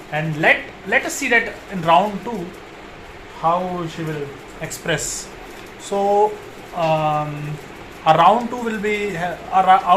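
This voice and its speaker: A man's voice: sits high, a bit bright, a little hiss or hum. Eager Indian-accented man vlogging. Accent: Indian English. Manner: eager, repetitive, encouraging. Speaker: vlog host. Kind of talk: casual vlog talk.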